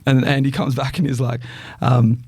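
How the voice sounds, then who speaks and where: A man's voice: medium pitch, moderate pace, breathy edge, dry recording, clean studio sound. A young man hosting a podcast, chatting casually with lots of swearing and laughter. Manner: swearing, laughing, animated banter. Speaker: podcast host.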